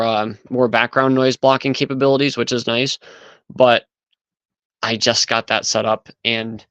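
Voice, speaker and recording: Smooth-voiced man hosting a livestream. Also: medium pitch, fairly bright tone, no room sound, low-quality recording. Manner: chatty, thinks aloud while setting up. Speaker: livestream host. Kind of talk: casual livestream chat.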